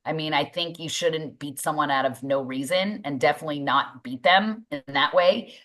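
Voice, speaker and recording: A woman's voice: low-pitched, normal speed, a bit bright. A woman, a mindset coach and boxing gym owner, speaking emphatically as a podcast guest and repeating phrases for stress.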